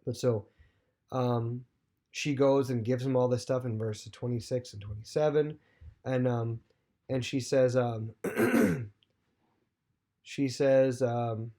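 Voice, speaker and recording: A man's voice: medium pitch, slow pace, pauses often, mellow. A man teaching a Bible lesson, retelling the story loosely with many fillers and restarts.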